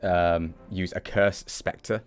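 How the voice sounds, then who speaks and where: Low-voiced man playing a tabletop game. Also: slow pace. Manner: relaxed, hesitant, many fillers. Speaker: player. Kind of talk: casual tabletop play.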